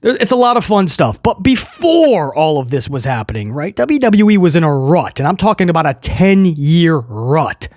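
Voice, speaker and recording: A man hosting a wrestling news show, talking casually to viewers in an excitable, rambling way with jokey asides. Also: a little high, normal speed, hardly any pauses, no echo, studio quality.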